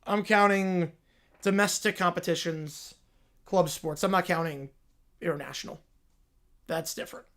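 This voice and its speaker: A man hosting a casual live Q&A stream, answering chat questions with relaxed asides. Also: high-pitched, moderate pace, pauses often.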